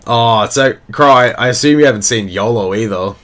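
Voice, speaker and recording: A man's voice: medium pitch, normal speed, a bit bright. A young man from Sydney with an Australian accent, hosting a casual reaction chat and swearing a lot and laughing often. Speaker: podcast host.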